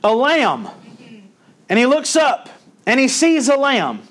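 Man, pastor, sermon, high voice, folksy, emphatic scripture quotes. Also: huge pitch swings, takes it slowly, fairly bright tone. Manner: preaching with rising emphasis on quotes, folksy asides.

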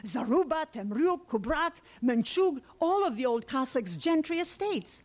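A woman's voice: a little high, animated, moderate pace. A woman voicing a proud, eager young male peasant soldier, earnest and deferential as he answers an officer. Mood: elated.

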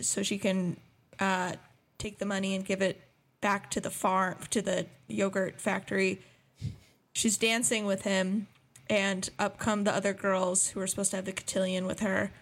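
A woman with a mid-pitched voice recaps a movie plot on a casual podcast. She is chatty and swears for laughs. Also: level tone, unhurried, vocal fry. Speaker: podcast co-host.

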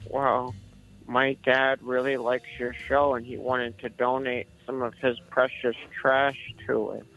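A man voicing a young boy caller scared for his father, talking in a slow, halting, tearful way. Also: medium pitch, level tone, a bit bright, muffled recording, soft background music. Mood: earnest.

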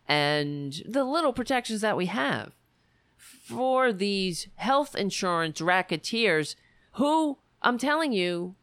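A woman's voice: fairly low pitch, a bit bright, clean tone, no room sound. A woman delivering an angry political rant in an indignant, profane, emphatic way.

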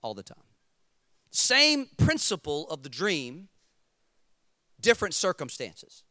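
A man preaching a sermon as pastor, animated and emphatic, acting out his stories. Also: on the high side, slow pace, no echo, clean studio sound.

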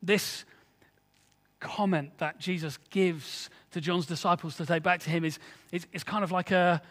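High-voiced preacher in a reverberant hall. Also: male voice, steady tone, a little slow, a bit bright. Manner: conversational, earnest preaching with rhetorical questions. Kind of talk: sermon.

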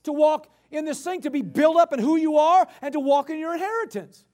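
Brief: male preacher, unusually high voice, emphatic and repetitive sermon delivery. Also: brisk. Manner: animated, swings from loud emphatic bursts to quiet explaining.

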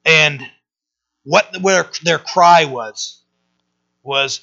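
A man preaching a loose, conversational sermon, with a high, bright and sharp voice. He rambles, restarts his sentences and keeps checking in with his listeners. The recording is dull and lo-fi. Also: animated, slow pace, gravelly. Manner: conversational, rambling, frequent "right?" asides and restarts. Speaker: pastor. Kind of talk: informal Bible-study sermon.

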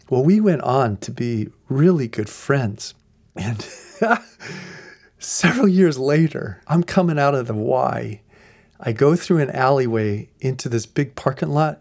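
A man, a pastor, telling a lively story to his listeners, acting out the voices of the people in it and laughing often. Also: mid-range voice. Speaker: pastor of a ministry. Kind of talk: storytelling ministry message.

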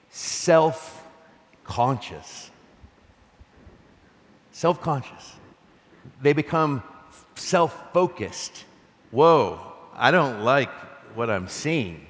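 A male pastor preaching a conversational, animated sermon, reading scripture and laughing between points. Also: medium pitch, big-room sound.

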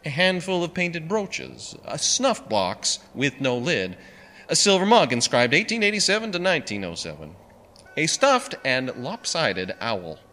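Guy reading a story, wry and dry, lively pitch, long echo. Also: a little slow. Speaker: narrator. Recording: long reverb with faint music.

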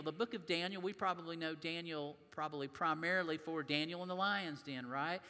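Preacher with a bright voice. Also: male voice, on the high side, big-room sound. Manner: conversational preaching, reads scripture aloud. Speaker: pastor. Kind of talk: sermon. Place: church sanctuary.

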